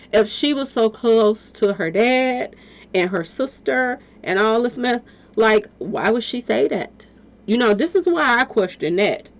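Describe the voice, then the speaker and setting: A woman giving casual spoken commentary to her viewers, talking straight at them with lots of rhetorical questions. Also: fairly high pitch. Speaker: commentary vlogger.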